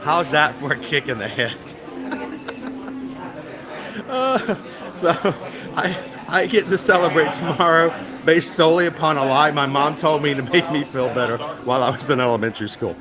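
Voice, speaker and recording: A man's voice: a little high, moderate pace, crowd noise. A man hosting a casual livestream outdoors at a theme park, telling a rambling story with fillers and laughs. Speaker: livestream host.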